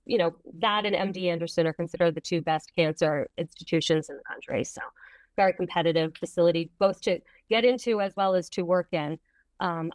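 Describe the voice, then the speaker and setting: A woman in her fifties with a New York accent, a medical oncologist talking in an animated, chatty way as an interview guest. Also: on the low side, no echo, rough recording. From Long Island, New York. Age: 50s. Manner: animated, chatty, self-deprecating laughter. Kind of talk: conversational interview.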